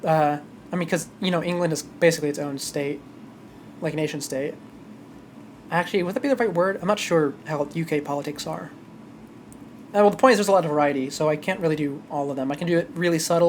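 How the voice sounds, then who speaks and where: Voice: medium pitch, fast talker, a little hiss or hum. A streamer chatting casually during a live game playthrough, rambling and correcting themselves mid-thought. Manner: rambling, self-correcting asides.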